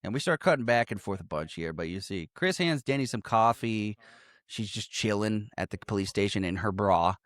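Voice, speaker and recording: A man's voice: lowish voice, lively intonation, a bit bright, no room sound. Laughing man recapping a movie, dry sound. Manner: laughing often, acting out lines in quick voices. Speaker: podcast co-host. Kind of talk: casual movie recap chat.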